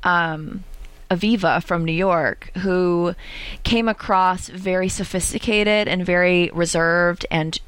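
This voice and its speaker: A woman co-hosting a podcast in casual chat, animated and steering the conversation. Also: fairly low pitch, takes it slowly, clear, resonant tone, dry recording. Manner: animated, leads the topics, laughs often. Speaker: podcast co-host.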